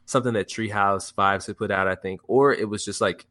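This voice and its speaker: Rambling young man, low voice. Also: a little fast. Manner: rambling, filler-heavy, excitable storytelling. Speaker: music producer guest. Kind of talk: casual podcast interview.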